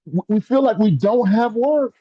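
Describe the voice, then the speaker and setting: A man's voice: expressive, moderate pace, no room sound. Impassioned male motivational speaker, dry lo-fi. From rural upbringing. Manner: preacherly, rising to high emphatic pitch, repeats phrases.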